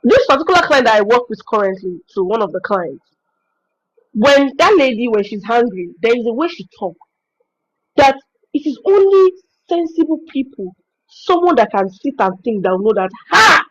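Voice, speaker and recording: High-voiced Nigerian woman, animated. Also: moderate pace, highs cut off. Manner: animated, expressive storytelling. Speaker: virtual assistant trainer hosting a webinar. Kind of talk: informal teaching talk.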